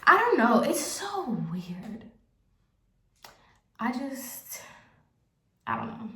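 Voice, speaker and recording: A woman's voice: sits high, sing-song, very slow, pushed and bright. A young woman vlogging in a candid, rambling way, filling her talk with "like" as she chats while getting ready at home. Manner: rambling, candid, heavy use of "like". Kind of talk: casual confessional chat. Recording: roomy echo.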